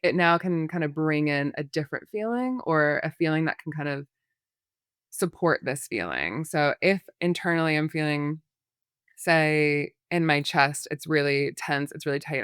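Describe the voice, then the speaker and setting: A woman's voice: deep voice, a bit bright, smooth, no echo, clean studio sound. A woman therapist, a podcast guest, explaining in a rambling, casual way full of fillers and examples.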